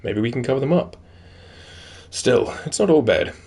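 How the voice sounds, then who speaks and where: A man's voice: mid-range voice, expressive, normal speed, gravelly, a little mellow, slightly rough. A man streaming a video game, chatting casually and reading in-game notes aloud, rambling with plenty of "like" and "um" fillers. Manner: rambling, heavy use of "like" and "um".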